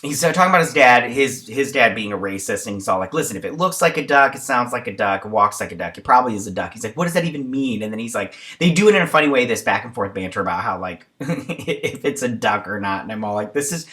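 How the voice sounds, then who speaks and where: A man with a bright, forward voice talks through a TV episode in a loose, chatty recap. He rambles, stacks fillers, and drifts off on side tangents before circling back. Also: medium pitch, animated, fast talker. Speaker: show reviewer.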